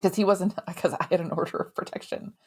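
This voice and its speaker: A woman's voice: lowish voice, fairly even intonation, a little fast. A middle-aged woman hosting a podcast, telling a personal story in a candid, emphatic way and swearing now and then. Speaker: podcast host.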